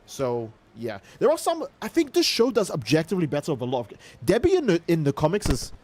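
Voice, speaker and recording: Young male streamer, slightly high voice, excitable and cussing, rambling chat. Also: fairly quick. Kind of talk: casual livestream commentary.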